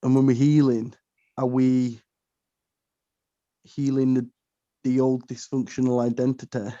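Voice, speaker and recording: A man thinking aloud in conversation, pausing and restarting as he searches for words. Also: medium pitch, level tone, warm tone, dry recording. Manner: thoughtful, halting, searching for words. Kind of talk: conversational discussion. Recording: dull lo-fi sound.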